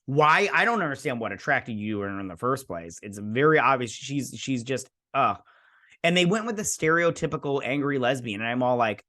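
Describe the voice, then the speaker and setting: A man's voice: medium pitch, lively intonation, brisk, bright, forceful tone. A man hosting a casual review show, recapping an episode in a sarcastic, exasperated ramble full of fillers and restarts, slipping briefly into the characters' lines. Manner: sarcastic, exasperated, mimics characters mid-story.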